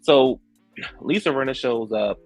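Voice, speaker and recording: Man, recap host, slangy and animated, raspy, dry sound. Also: mid-range voice, a little slow, no echo, soft background music. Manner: animated, acts out quotes, slangy. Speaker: reality show recap host. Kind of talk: casual recap commentary.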